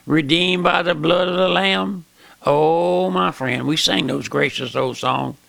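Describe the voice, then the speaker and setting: Gravelly old radio preacher in his eighties. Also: on the high side, measured pace, a bit bright, no room sound. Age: 80s. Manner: fervent, repetitive, calls listeners "my friend". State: losing his voice, frog in throat. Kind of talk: radio sermon.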